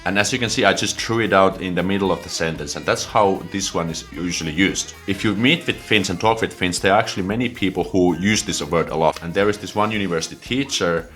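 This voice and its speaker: A man's voice: sits low, quick pace, few pauses, fairly bright tone, faint music behind. A man in his twenties with a Finnish accent, casually explaining words to camera with lots of fillers and restarts. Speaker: language teacher.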